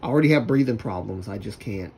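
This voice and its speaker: A man's voice: lowish voice, expressive, fast talker, vocal fry, a little mellow, a little hiss or hum. A man chatting casually on a livestream, rambling and talking to himself while using his computer.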